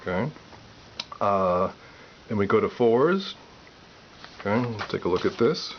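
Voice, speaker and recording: A man giving a piano lesson, calmly explaining step by step and counting aloud. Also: on the low side, unhurried. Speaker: piano teacher. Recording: dull lo-fi audio with loud piano.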